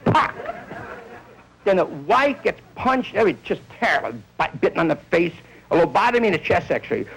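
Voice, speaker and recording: Animated stand-up comedian man, lively pitch. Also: moderate pace, gravelly, husky, rough recording. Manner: rambling storyteller, acts out bits of dialogue.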